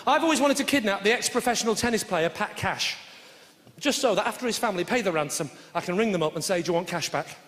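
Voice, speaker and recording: A man's voice: high-pitched, lively intonation, a little fast. A man doing live stand-up comedy, bantering with the audience in a brash, sweary way. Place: large theatre, live audience. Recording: roomy live theatre with loud crowd.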